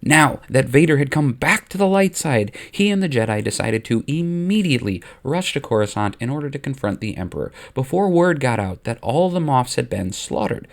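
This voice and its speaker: Give me a man narrating a comedy story on his channel, wry and casual, with a lively voice. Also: medium pitch, normal speed, gravelly, few pauses.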